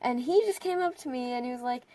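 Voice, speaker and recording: Teen girl storytime vlogger, a bit high-pitched, chatty and dramatic, lots of "like". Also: fast, no room sound. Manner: excitable, heavy on filler words, bursts into dramatic squeals. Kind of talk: casual storytime narration.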